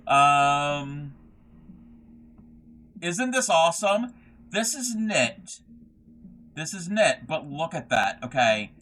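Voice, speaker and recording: A young man chats through a home craft livestream, reading viewer messages aloud and wandering off into asides. His voice sits a little high and rings bright and forward. He trails off and restarts often, filling gaps with ums. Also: big pitch swings, slow pace, long pauses, slight background noise. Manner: rambling, reads chat aloud, trails off with fillers. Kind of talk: casual livestream chat.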